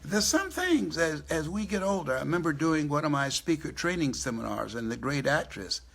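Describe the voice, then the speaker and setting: On stage before a live audience, a motivational speaker in his seventies tells stories and laughs at his own jokes. His voice is slightly high and sing-song, creaky and a bit bright, moving at a normal pace.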